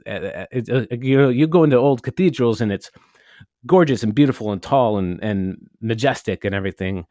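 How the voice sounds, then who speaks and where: A man's voice: mid-range voice, animated, fairly quick, warm tone, no room sound, studio quality. A man co-hosting a podcast, telling a story in a rambling, casual way and swearing now and then. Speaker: podcast co-host. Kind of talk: casual chat.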